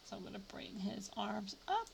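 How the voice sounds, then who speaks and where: Female streamer, casual live commentary, chatty and self-talking, gravelly edge, lively pitch. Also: normal speed, slight background noise. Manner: chatty, thinks aloud, sudden playful exclamations.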